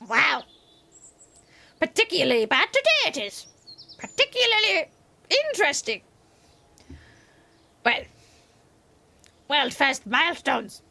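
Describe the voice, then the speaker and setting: Woman doing tiny ancient alien sage, inverted syntax, high and sing-song, playful game stream bit. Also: very animated, takes it slowly, gravelly, long pauses, bright, forceful tone, exaggerated voice. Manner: inverted word order, playful. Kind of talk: live game stream commentary.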